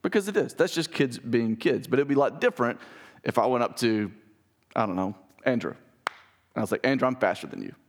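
A man in his thirties giving a conversational sermon as pastor, emphatic and animated with joking asides. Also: medium pitch, a little fast.

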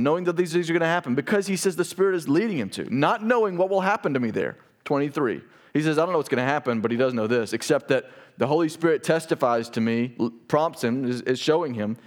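A man with a mid-range voice preaches a sermon as a pastor, earnest and emphatic. He repeats words and drops to a quiet voice for emphasis.

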